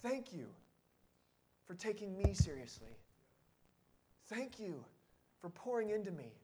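Hushed grown child thanking his mother, as a man acts it out in a sermon, soft, earnest, high-pitched. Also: sing-song, a little slow. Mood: grateful.

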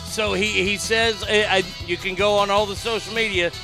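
A man hosting a podcast, chatting in an excitable, profane way and stumbling over names as he reads news out loud. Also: high voice, normal speed, over music. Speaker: podcast host. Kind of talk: casual banter.

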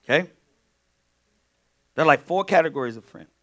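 Speaking at a normal pace in a fairly high pitch, this pastor delivers an animated sermon. Hushed asides give way to loud, forceful outbursts.

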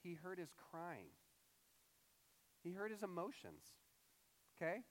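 A young man preaching a casual, conversational sermon as a pastor, animated and acting out quoted voices. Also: sits high, slow, long reverb tail.

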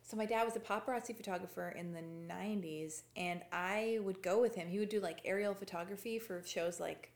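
A woman's voice: mid-range voice, brisk, hardly any pauses. A woman guest on a podcast, chatting casually and rambling through a story with restarts. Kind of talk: casual chat. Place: a home. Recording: roomy echoey room.

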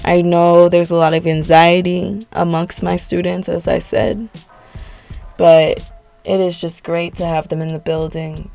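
A woman's voice: fairly low pitch, gravelly, darkish tone. A young adult woman, a podcast host and teacher, talking in a chatty, laughing, sentimental way. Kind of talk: casual podcast sign-off.

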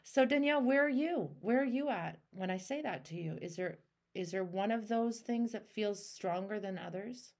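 Animated woman coaching a caller. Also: medium pitch, normal speed, gravelly. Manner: emphatic and animated, acting out inner voices; frank, swears casually. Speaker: life coach and show host. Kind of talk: one-on-one coaching call.

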